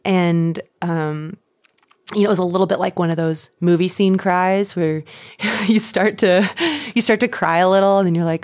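A woman in her thirties, a podcast guest, telling a personal story in an animated way, laughing often and acting out her own thoughts. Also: on the low side, moderate pace, no room sound, studio quality. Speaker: podcast guest, runner and coach. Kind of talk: casual storytelling.

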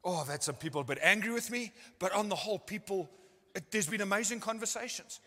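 A man's voice: sits high, fast, sharp tone, long reverb tail. A male pastor preaching a sermon at a church service, telling stories earnestly and acting out what people said.

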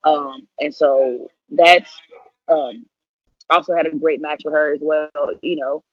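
A woman's voice: sits low, fairly even intonation, unhurried, husky, dry recording. A woman in her thirties, a professional wrestler, chatting casually and playfully in an interview, full of slang. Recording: dull lo-fi audio.

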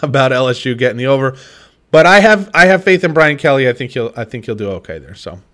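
A man co-hosting a casual sports podcast, talking in a relaxed, rambling way with frequent restarts and hedges. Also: medium pitch, quick pace.

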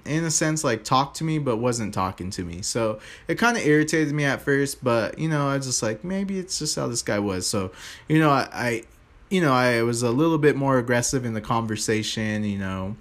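A man's voice: medium pitch, normal speed. Rambling young man telling a story. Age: young adult. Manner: rambling, heavy on fillers and restarts; animated, acts out quoted voices. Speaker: store salesperson. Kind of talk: casual storytelling to viewers.

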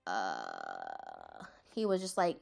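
A woman's voice: extremely low pitch, wildly swooping pitch, very slow, gravelly, soft background music. A woman chatting casually about anime, rambling, laughing and often stopping to correct herself. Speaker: anime vlogger. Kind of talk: casual chat.

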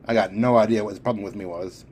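A man's voice: fairly low pitch, steady tone, quick pace, a little mellow, a little hiss or hum, lightly acted. Man doing a shaken, shifty street crook. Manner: nervous, stammering.

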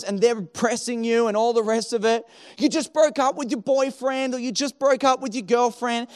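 A man preaching a sermon in a lively, animated way, acting out everyday voices as he tells stories. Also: very high voice. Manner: animated, acts out quoted voices. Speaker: pastor.

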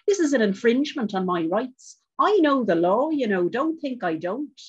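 A woman reading the part of an erratic, defensive, hulking middle-aged man, raising her husky voice above her own, on a dull, muffled recording. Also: fairly high pitch, sing-song, normal speed, pitched above the performer's own voice, heavily acted. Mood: indignant. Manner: defensive and indignant, chanting at times.

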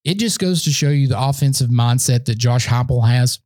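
Excitable fan ranting on podcast. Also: male voice, medium pitch, moderate pace, no echo. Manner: excitable, boastful fan banter. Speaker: sports podcast host. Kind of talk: solo sports podcast rant. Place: indoor room, standing.

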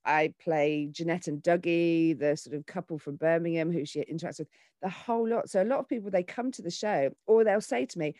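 A woman in her forties, an actor and children's author, talking in an animated way in a casual interview, often restarting her sentences. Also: on the low side, brisk, no echo. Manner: animated, with frequent restarts and fillers.

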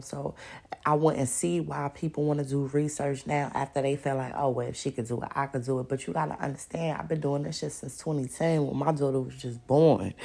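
A woman hosting a podcast, talking bluntly and profanely straight to her listeners, animated and often laughing. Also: low voice, vocal fry. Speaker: podcast host. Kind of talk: casual chat, open discussion monologue.

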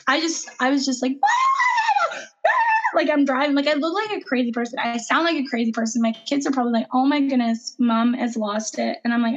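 High-voiced mom telling a story. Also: female voice. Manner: animated, breathless retelling with acted-out quotes. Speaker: podcast co-host. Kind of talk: casual storytelling chat.

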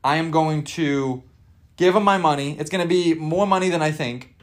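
A man's voice: a little high, moderate pace. A young man hosting a podcast, ranting in a rambling, jokey, over-the-top way and swearing freely. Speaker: podcast host. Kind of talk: casual comedic rant.

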